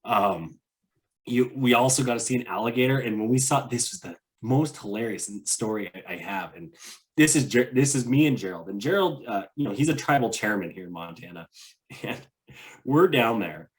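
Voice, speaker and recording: A man's voice: medium pitch, lively intonation, moderate pace. A man co-hosting a podcast, chatting casually about travel in a rambling way, full of "like" and restarts. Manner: rambling, many fillers and restarts. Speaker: podcast co-host.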